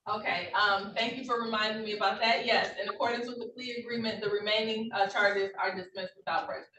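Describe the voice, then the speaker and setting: A woman's voice: mid-range voice, steady tone, fast, bright, forceful tone. A woman judge running courtroom proceedings in a formal, patient, procedural manner over a video call. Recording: roomy, distant, faint noise.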